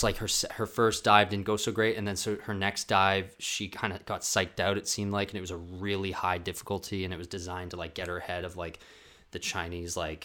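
A man's voice: low-pitched, sharp tone. A young man from Canada hosting a solo podcast, ranting casually and profanely with lots of filler words. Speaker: podcast host.

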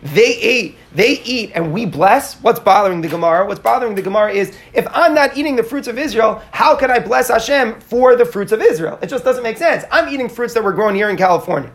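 A man's voice: sits high, lively intonation, fairly quick, few pauses. A man teaching a live Talmud class to students in California, who asks questions and explains step by step, stumbling and restarting now and then.

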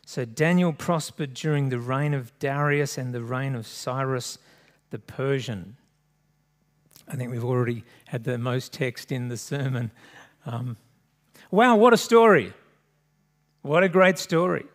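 A man preaching a sermon, reading scripture aloud expressively with large swings in pitch and loudness. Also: unhurried. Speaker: pastor.

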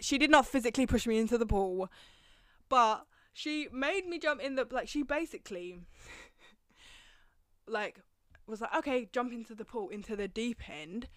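A young woman hosting a podcast alone, telling childhood stories in a profane, gossipy, animated way and laughing often. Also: a little high, no echo, clean studio sound. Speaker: podcast host. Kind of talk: casual storytelling monologue.

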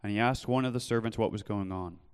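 A young man preaching earnestly in a church, telling his own story and then pleading gently with listeners. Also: on the low side, fast, clean tone, in a large hall. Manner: earnest, shifts from loud storytelling to soft pleading. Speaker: pastor. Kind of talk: sermon with personal testimony. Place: church hall.

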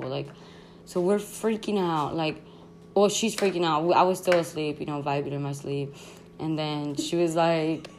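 A young woman tells a story in a rambling, slangy, excitable way, full of fillers. Her voice sits fairly low for a woman. A faint hiss of noise runs under her speech. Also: moderate pace. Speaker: podcast host. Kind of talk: casual storytime chat.

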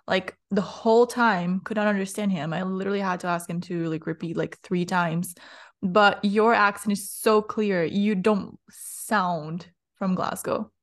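A woman from Brazil hosting a podcast, asking questions in a lively, casual way and filling her talk with "like". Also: mid-range voice, unhurried. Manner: lively, uses "like" a lot. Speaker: podcast host. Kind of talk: casual interview chat.

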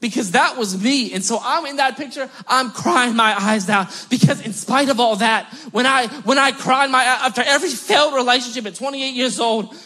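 A man in his thirties, a pastor preaching a sermon at a church service, impassioned and building at times to near-shouting. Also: very high voice, moderate pace, few pauses, husky.

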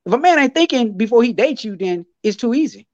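A man co-hosting a casual podcast chat, animated and slangy, often repeating his phrases. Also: extremely high pitch, fast talker, dry recording, muffled recording. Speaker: podcast co-host.

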